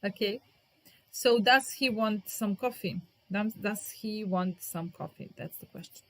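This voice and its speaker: A woman teaches a live grammar lesson, her voice sitting at an ordinary middle pitch. She is patient and says example sentences over and over, slowing down on the key words. Now and then she calls on viewers in the chat by name. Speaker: English teacher.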